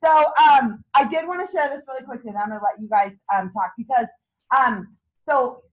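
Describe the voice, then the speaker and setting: A woman's voice: fairly high pitch, a little fast, highs cut off. A woman leading a sales meeting, giving a bubbly motivational talk to a small group and laughing often. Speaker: team leader running a sales meeting.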